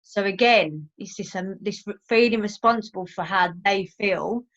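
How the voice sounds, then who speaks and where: A woman's voice: medium pitch, moderate pace, fairly bright tone. Woman cohost, earnest open chat, lots of ums, muffled lo-fi audio. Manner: earnest, open, many fillers. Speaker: podcast co-host. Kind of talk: casual chat. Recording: dull lo-fi sound.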